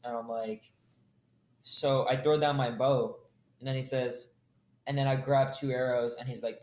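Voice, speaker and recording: A young man improvising a story casually, rambling with quick jokes and asides. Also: mid-range voice, fairly even intonation. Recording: roomy echo.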